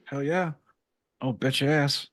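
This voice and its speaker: A male podcast co-host in loud, profane, playful comedic banter. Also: mid-range voice, steady tone, unhurried, no echo, studio quality.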